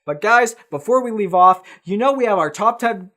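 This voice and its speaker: A man's voice: high-pitched, lively intonation, moderate pace, sharp tone. A man talking casually about films as a reviewer, emphatic and full of superlatives. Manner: emphatic, enthusiastic, piles up superlatives. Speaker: film reviewer co-hosting a countdown. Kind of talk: casual film talk.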